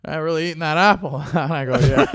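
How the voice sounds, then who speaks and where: A man's voice: fairly high pitch, a bit bright, no room sound, studio quality. A young man, a comedian co-hosting a casual talk show, telling a rambling anecdote and acting out both sides of the dialogue. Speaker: comedian podcast co-host. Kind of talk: casual storytelling chat.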